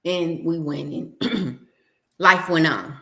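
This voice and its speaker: Low-pitched woman host, casual storyteller, brings quoted dialogue to life. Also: slow pace, echoey room. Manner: animated storyteller, acts out dialogue. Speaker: livestream host. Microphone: home livestream setup.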